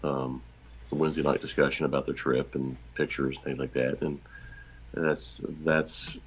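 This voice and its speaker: A man chatting casually as a regular guest, talking in a halting, self-deprecating way. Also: rumbling low, level tone, breathy edge. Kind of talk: casual chat.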